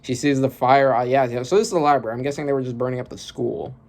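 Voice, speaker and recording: A man with a gravelly, fry-laden voice talks through a comic chapter in a loose, rambling way. He stops, restarts and corrects himself as he goes, sitting at a middling pitch. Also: fairly even intonation, fast. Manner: rambling, thinking aloud with many fillers and restarts. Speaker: manga reaction youtuber. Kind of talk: casual reaction commentary.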